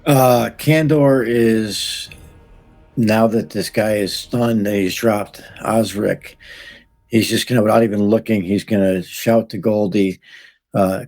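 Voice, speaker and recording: A man playing a tabletop role-playing game, calmly declaring his character's actions. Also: on the low side, takes it slowly. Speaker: player.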